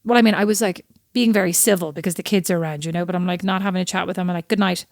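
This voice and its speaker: A woman in her thirties co-hosting a podcast, talking in a chatty, animated way and telling stories with quick asides. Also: on the low side, no echo, studio quality. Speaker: podcast co-host. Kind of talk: casual chat.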